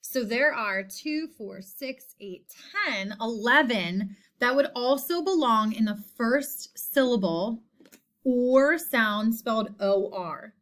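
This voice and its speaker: A woman teacher giving a spelling lesson, speaking slowly and deliberately and repeating each word. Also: on the high side, expressive, fairly bright tone. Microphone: screen recording voice-over.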